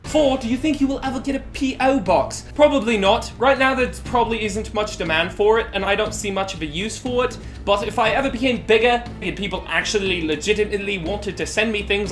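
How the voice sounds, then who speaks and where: A man answering viewer questions in a casual vlog, excitable and rambling, often self-deprecating. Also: sits high. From Utah, USA.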